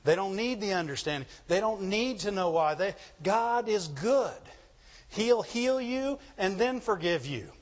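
A male pastor preaching with a high voice and an animated call-and-response delivery. The recording is slightly dull and lo-fi. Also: measured pace. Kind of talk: sermon.

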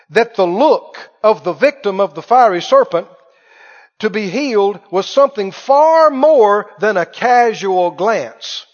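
High-voiced male preacher in echoing hall. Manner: dramatic, stretches key words slowly, quizzes the congregation. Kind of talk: sermon. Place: auditorium with a live congregation. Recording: dull lo-fi sound with long hall reverb.

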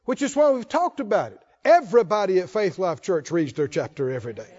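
High-pitched preaching man, dull recording. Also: big pitch swings, a little fast, few pauses, big-room sound. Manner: call-and-response preaching, rising to shouts. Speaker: pastor. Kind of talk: sermon.

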